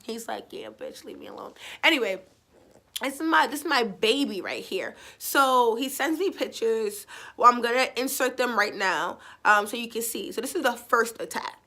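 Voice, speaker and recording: A woman vlogger telling a story in a loose, rambling way, full of fillers and blunt asides with the odd swear word. Her voice is bright and forward and sits a little high. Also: moderate pace. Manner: chatty and digressive, with frequent fillers; blunt and expressive, with casual swearing. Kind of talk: casual storytime vlog.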